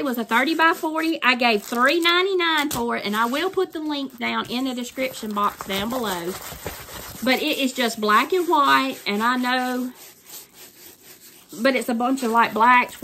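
Older woman, Southern US accent, excited casual unboxing chat, high pitch, faint hiss behind. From Southern United States. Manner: gushing, exclaims often, folksy phrasing. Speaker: crafting YouTuber.

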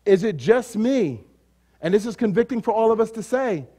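A man preaching from the pulpit in a high-pitched voice. He builds rhythmic runs of repeated phrases, then falls back to hushed, low-pitched asides. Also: animated, normal speed. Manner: emphatic preaching that swings between loud declarations and quiet, low asides. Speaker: pastor. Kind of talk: sermon.

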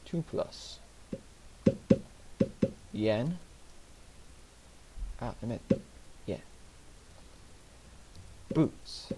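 A man's voice: fairly low pitch, animated, very slow, long pauses. A man giving let's play commentary at his computer, muttering and reading game words aloud as he types. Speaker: gaming channel host. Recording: loud background noise.

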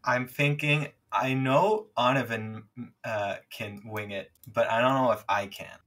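A man's voice: medium pitch, unhurried, a bit bright. A man playing in a tabletop game, talking casually in a flustered, bewildered way. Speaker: player.

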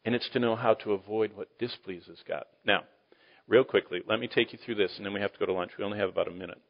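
A man teaching the Bible to a live audience in sermon style, animated, asking the room questions and swinging between loud emphasis and quiet asides. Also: fairly low pitch, fast talker, vocal fry. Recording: dull lo-fi recording.

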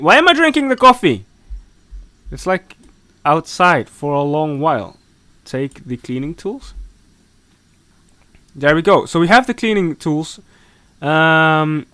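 A man doing let's-play commentary on a horror game, talking to himself and the characters. He is jumpy and mock-scolding, swinging from low mutters to sudden yelps. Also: pushed and bright, no room sound. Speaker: gaming commentator.

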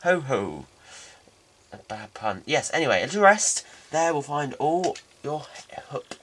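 A man doing a pompous, stuffy old-fashioned gentleman who talks slowly and formally, in a game let's play. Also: medium pitch, big pitch swings. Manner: pompous, slow, drawn-out speech.

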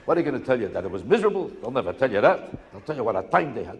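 A man doing stand-up comedy before a live audience, talking rapidly and insistently with rhetorical questions and repetition. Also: medium pitch, big pitch swings. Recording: echoey hall, live show.

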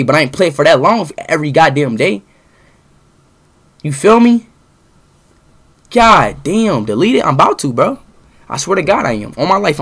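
A young man streaming live, ranting angrily at his chat with lots of swearing and sudden outbursts of shouting. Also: fairly high pitch. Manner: angry profane ranting, bursts into shouting.

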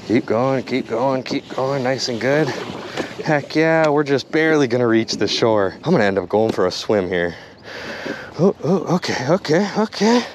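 A man vlogging outdoors on a kayak, talking excitedly to viewers while hauling in a heavy catch. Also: mid-range voice, moderate pace, slight background noise. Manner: upbeat, talks to viewers while straining to haul a load. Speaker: magnet fishing vlogger. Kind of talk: excited outdoor vlog narration. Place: outdoors on a kayak and shore by water. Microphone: action camera.

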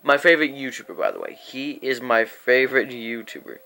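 A man's voice: medium pitch, very animated, a little fast, vocal fry, sharp tone. A young man telling a rambling, profane storytime vlog, acting out quotes and sometimes dropping into a whisper. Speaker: vlogger.

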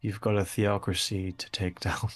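A man's voice: lowish voice, little pitch movement, moderate pace, soft background music. A man narrating a tabletop game as game master, casual, with lots of fillers and laughter.

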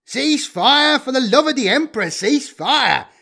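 A man's voice: a little high, lively intonation, unhurried, fairly bright tone. Dude doing a sly greedy trader guy, raised voice, smug and wheedling. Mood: shouting. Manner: wheedling, sardonic. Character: greedy, cowardly human data trader.

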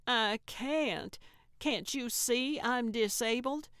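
A woman's voice: a little high, slow, fairly bright tone, clean tone, no echo, studio quality, voice pushed up. A woman voicing a blunt, stubborn old New England woman sleuth in an audiobook. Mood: blunt defiance. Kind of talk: audiobook character voice.

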